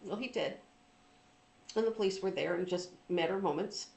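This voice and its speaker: A middle-aged woman telling a personal story in an informal, reflective talk, pausing often with ums and restarts. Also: lowish voice, vocal fry, a little mellow, echoey room, rough recording. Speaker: trauma recovery speaker.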